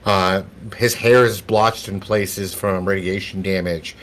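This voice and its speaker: Low voiced guy gm-ing a tabletop game, rambly scene descriptions. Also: fairly even intonation, slow, fairly bright tone. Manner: descriptive, loose, full of "like" and "kinda". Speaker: game master.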